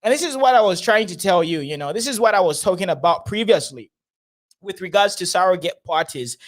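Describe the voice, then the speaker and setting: A man's voice: high-pitched, expressive, fairly quick. A man hosting casual political commentary, chatty and often laughing. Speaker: host.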